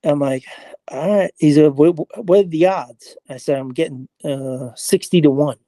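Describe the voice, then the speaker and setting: A man with a somewhat high voice tells a lively story as an interview guest, acting out the dialogue and swearing casually. The sound is dry and close. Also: moderate pace, no room sound. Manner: animated storyteller, acts out quoted dialogue, frequent "I was like". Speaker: interview guest, horse player.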